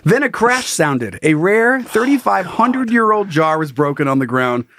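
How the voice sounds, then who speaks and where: A man's voice: sits high, very animated, normal speed, a bit bright, dry recording. A man co-hosting a comedy podcast, telling crude stories with lots of laughs and little acted-out voices. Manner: crude, giggly storyteller, acts out voices. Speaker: podcast co-host. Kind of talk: casual comedic chat.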